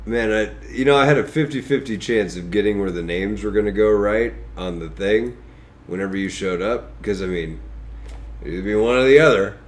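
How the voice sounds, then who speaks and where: A man's voice: on the low side, moderate pace. A man hosting a casual podcast while congested from a cold, talking in a crude, joking, rambling way. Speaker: podcast host.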